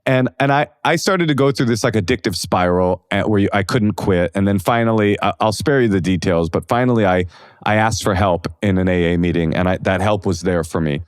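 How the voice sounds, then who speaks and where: A man in his forties from Oakland, a comedian guest telling self-deprecating stories in a casual interview, animated and full of fillers. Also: low voice, fairly quick, smooth, dry recording, studio quality. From Oakland, California.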